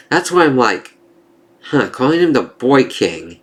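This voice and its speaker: A man casually reviewing a comic book issue, rambling and excitable, often reacting with "it's like" asides. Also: medium pitch, unhurried.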